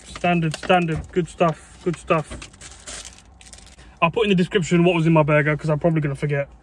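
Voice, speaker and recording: A young man with a slightly high voice talks eagerly to camera about his food. He is chatty and excitable, with mild swearing. Steady background noise and car sounds run under the recording. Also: fairly quick. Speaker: food vlogger. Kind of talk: casual food review vlog.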